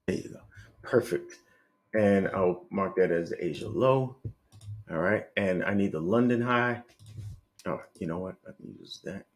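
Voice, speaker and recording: Low-voiced man muttering through chart analysis. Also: unhurried. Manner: thinks aloud, self-correcting, muttering to himself. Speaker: forex trader analyzing charts. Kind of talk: live screen-share market analysis.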